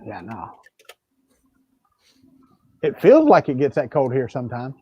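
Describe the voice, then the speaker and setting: A man's voice: medium pitch, huge pitch swings, measured pace, breathy edge, no echo, muffled recording. A man co-hosting a livestream chat, joking and telling stories with lots of restarts. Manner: joking, storytelling with repeated restarts. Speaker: livestream co-host. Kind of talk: casual chat.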